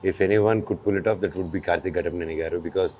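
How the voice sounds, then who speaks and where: A man with an Indian English accent tells stories at a very fast clip, slipping in and out of Telugu mid-sentence. His voice sits low, and a faint background hiss runs under the interview. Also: steady tone, dark tone. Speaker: actor guest. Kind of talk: casual interview chat.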